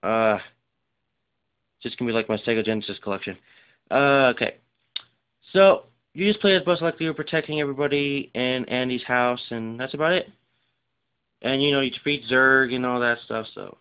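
A man's voice: medium pitch, clean tone. Tired, rambling man on lo-fi audio. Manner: rambling, filler-heavy, rushed. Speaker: game collection vlogger. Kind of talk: casual unscripted show-and-tell. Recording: dull lo-fi recording.

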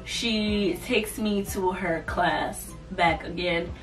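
A young woman casually telling a storytime vlog, animated and loose, slipping into mocking voices. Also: on the low side, slow. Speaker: vlogger. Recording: voice a bit far from the mic, soft music behind.

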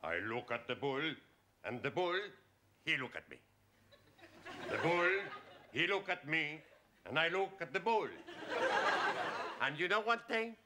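Man as a swaggering Spanish comic student, slow, lively pitch, noisy track. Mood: boastful. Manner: broken English, laughs at own jokes. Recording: loud background noise.

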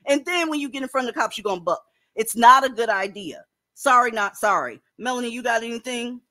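A woman's voice: fairly high pitch, expressive, brisk, pushed and bright. A woman hosting a casual online panel chat, blunt and profane, lecturing her listeners. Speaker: panel host.

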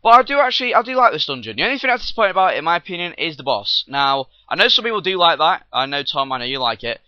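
Excitable rambling young-sounding game commentator. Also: male voice, fairly high pitch, rapid-fire, dry recording. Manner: rambling and excitable, with many fillers and sudden outbursts. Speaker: let's play host. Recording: dull lo-fi recording.

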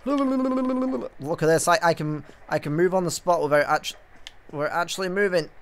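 A man's voice: on the high side, fairly even intonation, fairly quick, a bit bright, smooth. A young man hosting a let's play, chatting in a rambling way that trails off into fillers. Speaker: gaming channel host.

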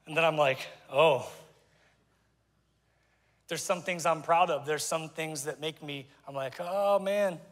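High, bright-voiced pastor in a hall. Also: male voice, fairly even intonation, a little fast, hardly any pauses. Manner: conversational, joking asides to the congregation. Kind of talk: sermon. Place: church auditorium. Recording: long church hall reverb.

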